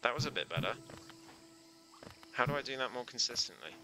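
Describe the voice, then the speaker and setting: A man's voice: mid-range voice, animated, fairly quick, over music. A man chatting casually as he streams a video game, reacting aloud and laughing often. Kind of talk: casual live gameplay commentary.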